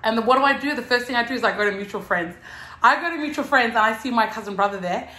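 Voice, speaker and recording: A woman's voice: a little high, racing, sharp tone. A woman hosting a casual chat at home, telling stories in a bubbly way and acting out what people said with laughter. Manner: bubbly storyteller, acts out quotes with laughter. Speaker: host. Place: house, indoors. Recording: echoey room.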